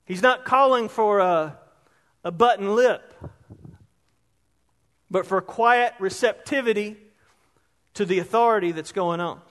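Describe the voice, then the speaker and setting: A male pastor with a very high voice delivers a relaxed, conversational sermon and often puts questions to his congregation. His words ring out with a long reverb from the church hall. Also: measured pace, long pauses. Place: church sanctuary.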